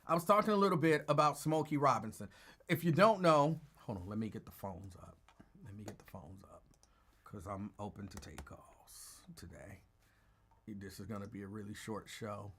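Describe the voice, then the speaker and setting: A man's voice: on the low side, expressive, normal speed, fairly bright tone, breathy edge. A man hosting a casual live call-in stream, greeting viewers by name in a rambling, self-correcting way that sometimes drops to a mutter. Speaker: host of a live call-in show.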